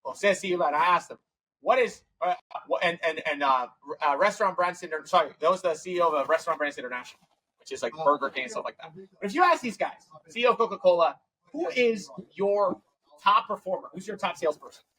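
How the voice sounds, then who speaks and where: Animated man telling startup stories. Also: sits high, poor audio. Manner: animated storyteller acting out quoted dialogue; fast, run-on phrasing with restarts. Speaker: tech company CEO, podcast guest. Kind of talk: storytelling in a casual podcast interview.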